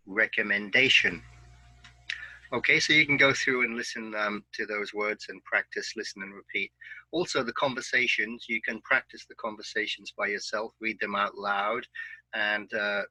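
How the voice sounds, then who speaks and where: A man teaching an online English pronunciation lesson, giving patient, clear instructions. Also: on the low side, sharp tone, no echo, poor audio.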